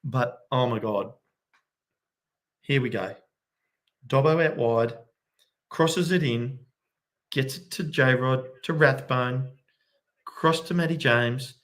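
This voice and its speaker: Fan watchalong host: a man calling the game with quiet excitement at home late at night, medium pitch. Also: takes it slowly, pauses often. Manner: excitable, bursts into loud cheering. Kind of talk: live match commentary for viewers.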